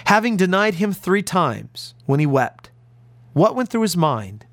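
An American man preaches with deep conviction, his voice climbing high and then dropping low and soft. His pitch sits a little above the usual for a man. The sound is close and dry, with no room echo. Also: big pitch swings, a little slow. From United States. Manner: earnest, emphatic preaching with big pitch swings. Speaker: pastor. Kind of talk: radio sermon.

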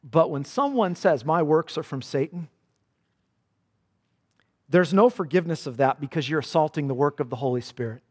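A man's voice: fairly high pitch, expressive, normal speed, long pauses, a little mellow, in a large hall. A male pastor preaching a sermon with earnest emphasis, quoting scripture dramatically.

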